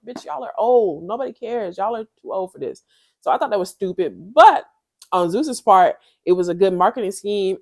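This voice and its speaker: A young woman giving a blunt, profane, slangy review of a reality show in a casual vlog. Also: fairly low pitch.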